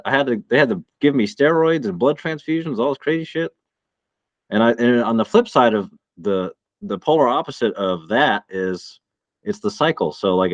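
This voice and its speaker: A man's voice: medium pitch, dry recording. A man co-hosts a casual podcast in an easygoing, chatty way. He laughs a lot and leans on fillers. His voice sits in the middle and sounds dry and a little muffled. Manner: laid-back, laughs often, uses fillers. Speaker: podcast co-host.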